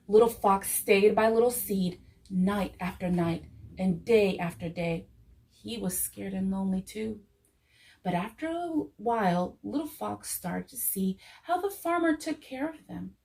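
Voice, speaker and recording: A woman reads a children's story aloud at an unhurried pace, gentle and expressive. She lingers over a repeated, soothing refrain. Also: medium pitch, gravelly, rough recording.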